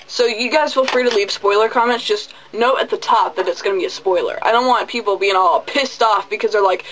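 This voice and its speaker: A man's voice: sits high, fairly quick, hardly any pauses, a bit bright, a little hiss or hum, low-quality recording. A man giving a casual spoken movie review, chatty, goofy and full of profanity. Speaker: video reviewer.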